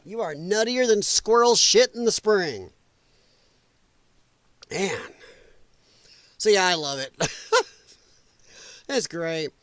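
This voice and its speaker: A man's voice: high-pitched, animated, slow pace, long pauses, fairly bright tone, no echo. A man hosting a political commentary stream, ranting casually, profane and mocking, with sarcastic asides and laughs at his own jokes. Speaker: political commentary show host. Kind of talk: casual political rant on a livestream.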